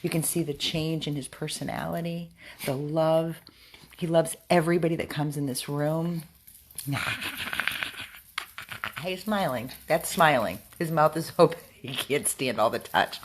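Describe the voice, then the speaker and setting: Woman, dog rescue worker, unhurried low-pitched chat, high baby-talk to the dog. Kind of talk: casual talk to camera while playing with a dog. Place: indoor rescue room.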